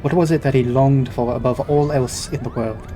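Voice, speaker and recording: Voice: mid-range voice, steady tone, normal speed, dark tone, faint music behind, close to an everyday voice. A player voicing a formal, grave guardian figure from a game, read aloud. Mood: solemn. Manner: formal dialogue read aloud, stumbling into giggles.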